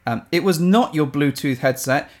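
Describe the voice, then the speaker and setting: A man's voice: fairly high pitch, normal speed, a little mellow. A man from England with an English accent, co-hosting a casual podcast in a playful, jokey way that sometimes bursts into silly voices. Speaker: podcast co-host.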